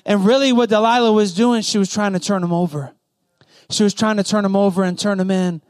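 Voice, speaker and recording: A man's voice: high voice, fairly even intonation, brisk, darkish tone. A young man preaching a sermon to youth, emphatic and repetitive, checking in with the crowd with "right?".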